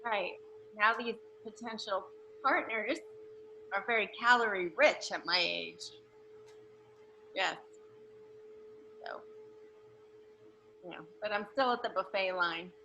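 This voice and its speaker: Bright-voiced chatty woman author. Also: mid-range voice, dull audio, a little hiss or hum. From New York, USA. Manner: chatty and joking, with quick self-corrections. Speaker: guest author. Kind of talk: casual talk at the end of an online Q&A.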